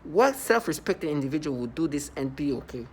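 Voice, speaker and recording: A very animated New York City vlogger speaks fairly quickly in a high voice, with slight background noise. He goes on a rambling, contemptuous monologue to his viewers, repeating himself and laughing derisively.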